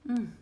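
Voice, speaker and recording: A woman hosting a motivational live stream from home on her phone. She talks in an earnest, encouraging way and often repeats phrases. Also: slight background noise.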